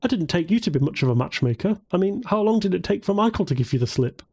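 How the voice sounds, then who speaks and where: A man's voice: high-pitched, animated, fast talker, a little mellow, husky, voice pushed up, exaggerated voice. A male narrator voicing a wry young woman with a teasing way of talking.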